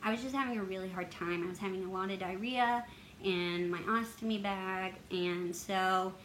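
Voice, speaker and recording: A woman's voice: medium pitch, normal speed, fairly bright tone, rough recording. A woman talks straight to her viewers, open and emotional as she tells a painful personal story. Her voice sits in a middle range. A faint hiss of background noise runs under her words. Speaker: health advocacy vlogger.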